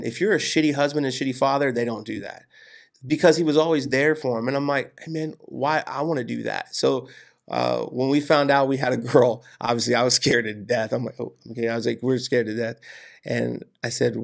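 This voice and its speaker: A man with a gravelly, creaky edge to his mid-pitched voice, telling personal stories as a podcast guest. He talks in a casual, animated way, dropping "dude" and "man" as he goes. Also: brisk. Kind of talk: casual storytelling interview.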